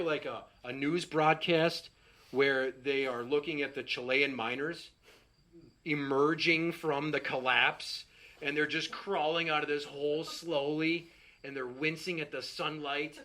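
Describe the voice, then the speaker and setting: A man's voice: a little high, pushed and bright. A middle-aged man doing a stand-up set, telling a profane, exasperated story and acting out the quotes. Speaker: stand-up comedian.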